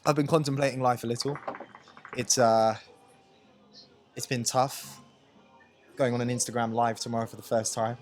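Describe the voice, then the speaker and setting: A man's voice: medium pitch, little pitch movement, moderate pace, pauses often, faint music behind. A young man co-hosting a casual podcast chat, rambling and repeating words in an upbeat way. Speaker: podcast co-host.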